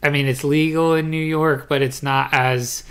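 A man co-hosting a podcast, talking in a relaxed and hesitant way with many fillers. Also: fairly high pitch, moderate pace, smooth. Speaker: podcast co-host. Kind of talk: casual chat.

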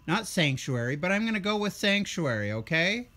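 Sarcastic ranting man, fairly high voice. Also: big pitch swings, moderate pace, bright, forceful tone. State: tired. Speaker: vlogger. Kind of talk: political rant vlog.

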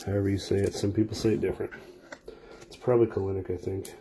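A man's voice: low-pitched, flat delivery, quick pace, mellow, slight background noise. Laid-back man calling card pulls. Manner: casual, rattles off player names as packs open. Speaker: sports card breaker. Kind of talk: live card break commentary.

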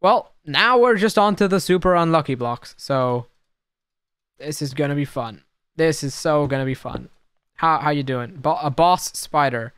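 A young man giving casual, excitable gameplay commentary, talking to the creatures on screen and swinging between muttering and sudden shouts. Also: a little high, moderate pace, clean tone, no echo, clean studio sound. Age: young adult. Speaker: gaming YouTuber.

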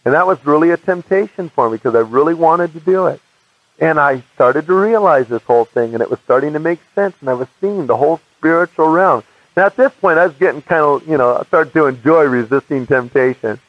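An American man telling his personal faith testimony as an animated storyteller, acting out the voices of people he quotes. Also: a little high, fairly quick, no echo. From United States. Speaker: evangelist giving his testimony. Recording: muffled dry archive recording.

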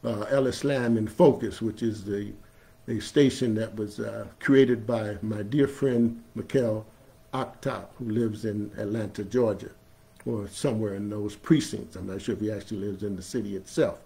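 A male imam giving a sermon, preaching emphatically, growing loud on key phrases and chanting scripture. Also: fairly low pitch, fairly even intonation, moderate pace, creaky. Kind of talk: Friday sermon. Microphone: streamed live online.

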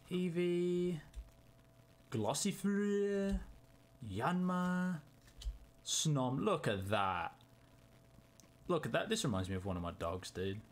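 A young man chatting casually and excitedly to himself in a card-opening vlog. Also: on the high side. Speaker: YouTuber.

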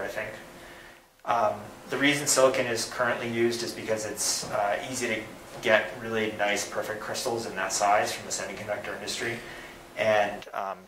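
A man's voice: lowish voice, bright, forceful tone, slight background noise, poor audio. A man giving thoughtful, technical answers in an academic Q&A, with many small hesitations. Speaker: guest speaker answering questions.

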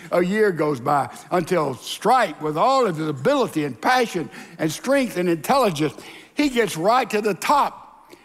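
A man's high-pitched, slightly bright voice fills a large hall as he preaches to the congregation in a church sanctuary. This pastor tells stories and acts out the characters' voices in dialogue.

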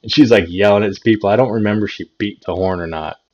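Low-voiced man telling a casual story. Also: quick pace. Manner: laid-back, chuckling, repeats words. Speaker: channel host, storyteller. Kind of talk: casual story time vlog. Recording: dull lo-fi recording.

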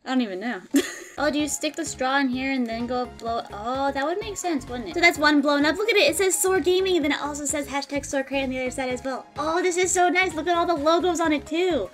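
A woman, chatting excitedly and giggling as she unboxes items in a casual vlog. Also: high voice, fast talker, faint music behind. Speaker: gaming content creator.

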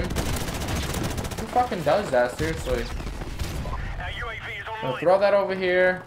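A frustrated man rants and swears through his gameplay commentary. Clear gunfire and explosions from the game sit behind his voice. He talks like someone who is easily riled up. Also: high-pitched, unhurried, pauses often, background noise. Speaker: gamer and channel host. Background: shooter game gunfire and explosions.

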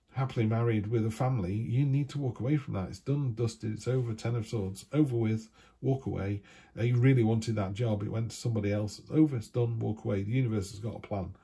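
A man's voice: lowish voice, warm tone, husky. A man giving a chatty, rambling tarot reading full of asides. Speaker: tarot reader.

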